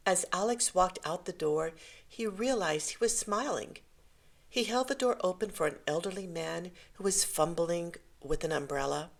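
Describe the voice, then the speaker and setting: A woman reading a short story aloud in a gentle, measured way. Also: on the low side, animated, vocal fry. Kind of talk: scripted story narration.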